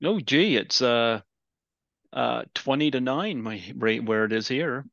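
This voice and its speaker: A man's voice: medium pitch, animated, a little slow, vocal fry, a bit bright, no room sound. A man from the Canadian Maritimes hosting a podcast, telling a story eagerly in casual chat. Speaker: podcast host. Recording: dull dry lo-fi audio.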